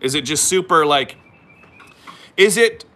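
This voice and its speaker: A man's voice: on the high side, expressive, a little slow, bright, forceful tone. A man in his thirties with a Californian accent, hosting a casual, rambling livestream from home on a phone and reading viewer comments with self-mocking humor. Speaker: channel host. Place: home, moves about the property.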